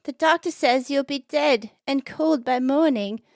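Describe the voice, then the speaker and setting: A woman puts on a wife with a put-on British accent, pitched well above her own voice. She draws each line out slowly and pleadingly, in a deliberately amateur joke-telling voice. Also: creaky, darkish tone, dry recording, clean studio sound. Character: fussy British wife at dying husband's bed.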